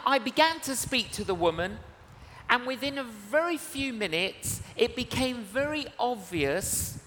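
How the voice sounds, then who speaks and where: A male evangelist preaching a sermon in a church service, earnest and unhurried, acting out dialogue in his stories. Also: extremely high pitch, bright, forceful tone. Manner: slow, earnest, acts out dialogue in anecdotes. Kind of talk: sermon with storytelling. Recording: reverberant church hall with faint noise.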